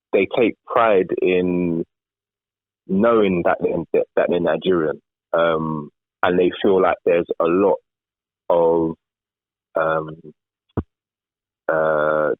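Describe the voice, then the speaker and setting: A man's voice: deep voice, no room sound. A man talking casually on a podcast, repeating words as he searches for them, over a remote call. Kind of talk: casual chat. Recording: tinny remote call line.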